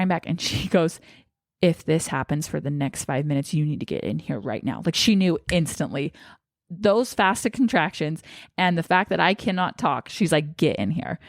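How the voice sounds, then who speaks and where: Young woman vlogger, candid and emotional, a slightly low voice, close and dry. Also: dry recording. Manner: emotional, shaky and tearful at times. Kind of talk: personal storytelling.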